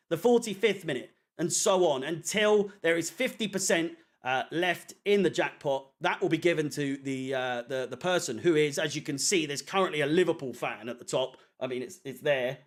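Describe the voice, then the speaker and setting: A man's voice: a little high, moderate pace, few pauses. A man hosting a fan watchalong stream, chatting casually, rambling with fillers and the odd swear word. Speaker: fan channel watchalong host. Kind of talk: casual live-stream chat reading comments.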